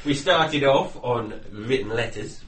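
A man's voice: mid-range voice, unhurried, a loud crowd. A man co-hosting a podcast, dropping dry wisecracks. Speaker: podcast co-host. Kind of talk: casual chat.

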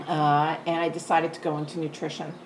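A woman's voice: deep voice, little pitch movement, a little fast, reverberant, slight background noise, rough recording. An older woman originally from Canada, talking easily and laughing as she is interviewed on a porch. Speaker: podcast guest. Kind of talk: casual interview. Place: screened-in porch.

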